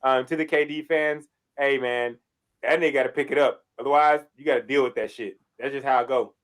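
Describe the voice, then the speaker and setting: A man co-hosting a casual sports podcast, animated, with loud outbursts and heavy swearing. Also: medium pitch, brisk, clear, resonant tone. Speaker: podcast co-host.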